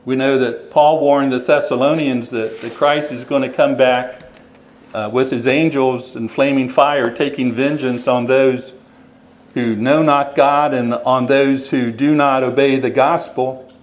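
A man's voice: mid-range voice, steady tone, measured pace, poor audio. Earnest preacher, man, repeating himself. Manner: plain, repeats phrases, earnest appeals. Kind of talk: sermon with closing invitation. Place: church hall.

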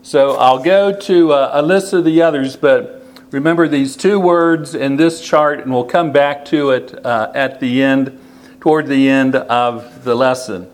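A man preaching a sermon, slow and deliberate, repeating key phrases for emphasis. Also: mid-range voice.

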